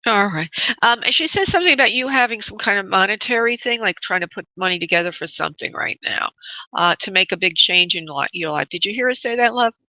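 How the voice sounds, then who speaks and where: A woman psychic medium on a call-in radio show, with a bright, clear-edged voice. She speaks gently and calls her callers honey and love, with frequent uh fillers. The audio is dry and a little dull, like lo-fi web radio. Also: mid-range voice, expressive, fast talker, no echo.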